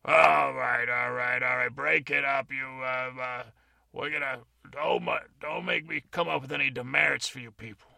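A man's voice: medium pitch, fairly even intonation, fairly quick, creaky, sharp tone, no room sound, clean studio sound, full character voice. A man voicing a bossy, pompous old-time man who guards a box and acts like an official inspector.

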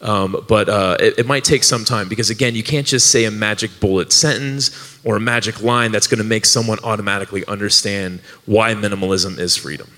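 Man, podcast co-host, bright voice, rambling live storytelling, reverberant hall. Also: on the low side, steady tone, a little fast. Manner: rambling, lots of fillers and restarts, laughs often. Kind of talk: storytelling on stage at a live show. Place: live event venue with an audience.

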